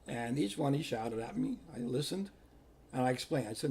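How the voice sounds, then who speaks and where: An older man, a priest telling personal stories in an animated way, acting out what people said. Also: medium pitch, moderate pace, creaky, breathy edge. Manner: animated, repeats himself, acts out quotes. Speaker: Catholic priest. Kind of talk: personal storytelling.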